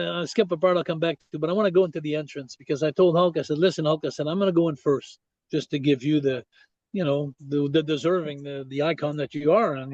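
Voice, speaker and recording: An older man from Quebec with a French accent talks through a story as a podcast guest. His voice sits high for a man, and he keeps circling back with "I said" and restarts. The sound is dull and dry, like a lo-fi remote call. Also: no echo. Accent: Québécois French. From Quebec, Canada. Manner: animated storyteller, many restarts and "I said". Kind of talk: storytelling interview.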